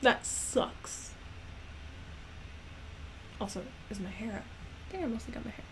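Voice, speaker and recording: Planning out a character, this woman rambles through a casual chat, full of fillers and self-mockery as she thinks aloud. She's an animation creator with a slightly high, animated voice, unhurried, over some background noise.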